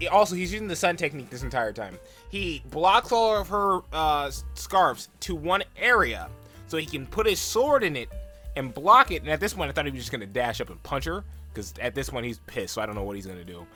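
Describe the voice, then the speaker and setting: Young guy rambling through an anime recap, bright voice, tons of likes and ums, does little voices for the characters. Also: on the high side, expressive, faint music behind. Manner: rambling, filler-heavy retelling, full of "like" and "um"; acts out characters' lines in quick put-on voices. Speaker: anime reaction vlogger. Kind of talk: casual episode recap and reaction.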